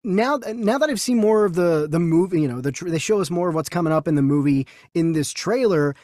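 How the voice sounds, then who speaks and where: A man co-hosting a casual movie news podcast, talking in an animated way with frequent restarts. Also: fairly high pitch, fairly quick, no echo, studio quality. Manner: animated, many restarts and quoted voices. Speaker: podcast co-host.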